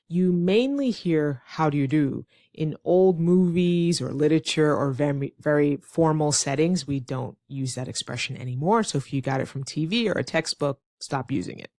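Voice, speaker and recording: Lively American woman teaching English. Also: sits low, moderate pace, hardly any pauses, dry recording, studio quality. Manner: lively, with playful acted-out example phrases. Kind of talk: online English lesson.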